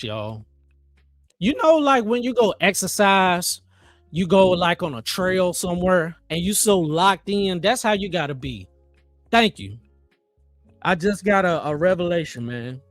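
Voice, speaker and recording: A man hosting a live trading stream, chatting casually in an animated, joking, motivational way. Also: high voice, dry recording. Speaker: trading livestream host.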